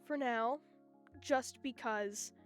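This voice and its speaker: High-voiced woman ranting on stream. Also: very slow, faint music behind. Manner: animated, ranting, self-interrupting. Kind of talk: casual live-stream chat.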